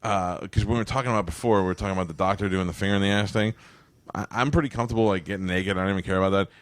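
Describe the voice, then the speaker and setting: Deep-voiced man rambling on a podcast. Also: fairly even intonation, no room sound. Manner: rambling, bawdy, with many restarts and drawn-out asides. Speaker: podcast host, comedian. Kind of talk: casual podcast chat.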